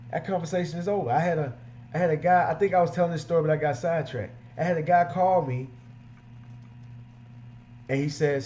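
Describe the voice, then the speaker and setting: A man's voice: on the high side, steady tone, brisk, long pauses, a little mellow, dull audio, a little hiss or hum. A man who runs a mobile detailing business, giving emphatic, repetitive, street-casual advice.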